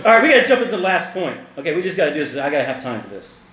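A man preaching a sermon to his congregation, animated, with joking asides and repeated words. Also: fairly high pitch, a little fast, a crowd in the background. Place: church hall. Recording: echoey church hall.

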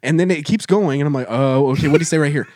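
A man in a casual chat, telling a self-mocking story with animated energy. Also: fairly high pitch, very fast, dry recording, clean studio sound. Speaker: guest storyteller.

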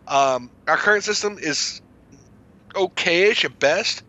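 A man's voice: high voice, expressive, takes it slowly, sharp tone, dull audio. A man co-hosting a podcast, chatting casually about politics, rambling and repeating words. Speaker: podcast co-host.

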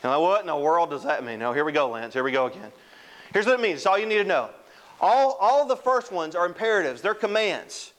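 Earnest preaching man, slightly high voice. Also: big pitch swings, fairly quick, a bit bright, low-quality recording. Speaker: pastor. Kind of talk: sermon.

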